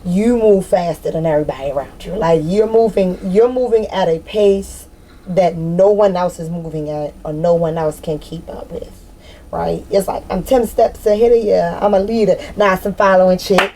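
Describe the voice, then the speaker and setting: A woman giving a casual spiritual card reading to her viewers, rambling, excitable and full of slang, breaking into loud laughter. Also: on the low side, normal speed, slight background noise, poor audio. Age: adult with a daughter. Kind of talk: casual tarot-style collective reading.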